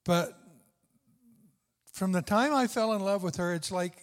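A man's voice: sits high, a little slow. An older man preaching a sermon with fervent, tender, repetitive emphasis. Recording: long hall reverb.

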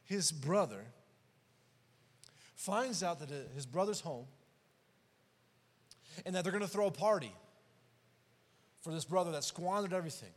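A man preaching a sermon who swings between loud and hushed passages and acts out the dialogue of the story. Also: fairly high pitch, animated, measured pace, pauses often. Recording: long hall reverb.

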